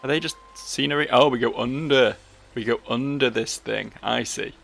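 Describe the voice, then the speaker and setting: A man's voice: medium pitch, normal speed, gravelly, fairly bright tone. A man giving casual, rambling, self-mocking commentary as host of a let's play video.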